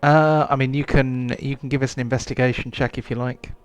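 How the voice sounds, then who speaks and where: A man's voice: medium pitch, little pitch movement, brisk, clean tone. A man running a tabletop game as game master, hesitant, with many ums and restarts.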